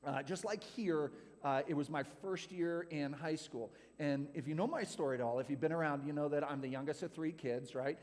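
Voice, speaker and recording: A man's voice: a little high, moderate pace, a little mellow. A man from California giving a youth group talk, telling a personal story in a chatty way with lots of "like". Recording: hall reverb.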